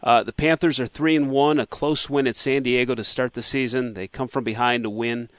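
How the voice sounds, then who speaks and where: A man's voice: mid-range voice, fairly even intonation, brisk, no echo. A man hosting a radio sports show, interviewing a guest in a chatty, conversational way with hesitant fillers.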